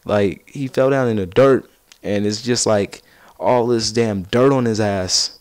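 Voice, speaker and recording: A teenage boy doing casual gaming commentary, rambling through a story and getting loud and excited as he laughs at it. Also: on the low side, a little slow, clear, resonant tone, no room sound, clean studio sound. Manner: rambling, gets loud and excited while laughing at his own stories. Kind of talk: casual storytelling over gameplay.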